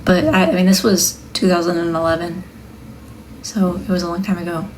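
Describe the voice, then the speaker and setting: A young woman, a wood-burning artist, chatting casually on a live stream, joking and now and then dropping into a soft near-whisper. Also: lowish voice, level tone, brisk, slight background noise.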